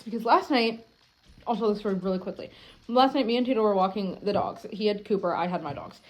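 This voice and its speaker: A young adult woman vlogging at home, telling a story in a rambling, animated way, full of filler words and frequent swearing. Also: medium pitch. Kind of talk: casual storytelling to camera.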